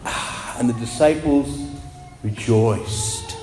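A man preaching a sermon as a priest, animated and asking his congregation rhetorical questions. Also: medium pitch, normal speed, roomy sound, big-room sound, slight background noise.

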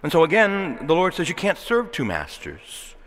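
Animated male preacher in an echoing church. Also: on the high side, normal speed. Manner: animated, conversational preaching with rhetorical questions. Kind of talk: sermon.

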